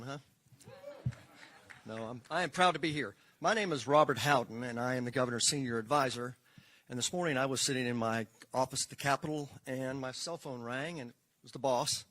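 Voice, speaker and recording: A man's voice: mid-range voice, fairly quick, fairly bright tone, rough recording. A man speaking as a government advisor, giving a public speech in a folksy, joking, storytelling way at an indoor ceremony on a podium microphone.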